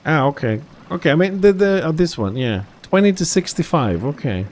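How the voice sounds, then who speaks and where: A man live-streaming an online game, commenting as he plays, jumping from quiet muttering to excited outbursts. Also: on the high side, a little fast. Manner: excitable, reacts loudly to the game, then mutters to himself.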